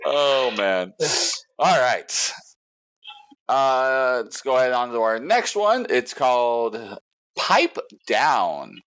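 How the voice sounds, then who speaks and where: A man's voice: medium pitch, very animated, slow, fairly bright tone, clean tone. A man hosting a casual podcast, reading posts aloud and ranting with lots of swearing and laughter. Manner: profane, ranting, laughs often. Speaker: podcast host.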